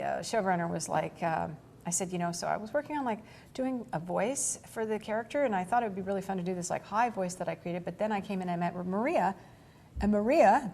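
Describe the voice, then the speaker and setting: Chatty woman with a lowish voice. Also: gravelly, a little hiss or hum. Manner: animated storytelling, laughs often, many fillers. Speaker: actor guest. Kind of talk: casual interview chat.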